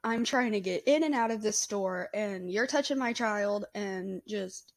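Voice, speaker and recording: A woman's voice: mid-range voice, measured pace, creaky. A woman in her twenties, a mother, talking bluntly and chattily to camera in a casual vlog. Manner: blunt, chatty, laughs often. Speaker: vlogger, mother.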